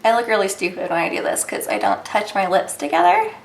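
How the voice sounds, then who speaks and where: A woman's voice: mid-range voice, big pitch swings, fast, creaky, slight background noise. A woman in her thirties chatting through her makeup routine, giggly, chatty and self-mocking, recorded distant from the mic with a roomy echo. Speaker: beauty vlogger. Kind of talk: casual makeup tutorial chat.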